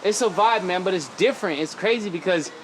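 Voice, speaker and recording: A man talks loose and lively, full of slang and quick laughs. His voice sits a little high. Bar chatter and clatter fill the background around him. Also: a little hiss or hum. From Oregon. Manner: animated, slangy, laughs often. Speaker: rapper guest. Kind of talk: casual chat. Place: busy lounge bar.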